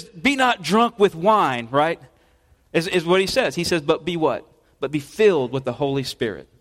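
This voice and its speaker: Pastor guy, high voice, chatty sermon w lots of restarts, big church reverb. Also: a bit bright. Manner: conversational, halting preaching with repeated restarts. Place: church sanctuary. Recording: long reverb of a church sanctuary.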